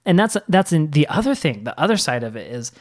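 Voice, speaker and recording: A young man co-hosting a parenting podcast, explaining his views in an earnest, calm way. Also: on the high side, quick pace. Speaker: podcast co-host. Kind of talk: casual chat about parenting.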